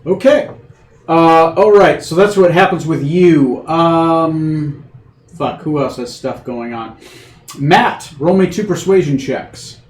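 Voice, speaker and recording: Male game master, raised pitch, rambling delivery, echoey room on a call mic. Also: takes it slowly. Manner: loose, rambling explanations with frequent fillers. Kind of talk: running a tabletop game over a video call. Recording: roomy echo.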